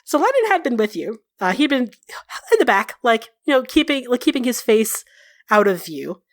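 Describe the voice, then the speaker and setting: A woman's voice: fairly high pitch, sing-song, moderate pace, no room sound, clean studio sound. A woman narrating a tabletop game as game master, casual with fillers.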